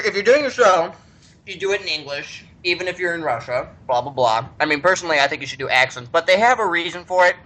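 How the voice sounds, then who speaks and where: A man co-hosting a podcast chats in an animated, storytelling way. His voice is bright and sits a little high for a man. He talks freely and with energy. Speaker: podcast co-host. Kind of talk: casual chat.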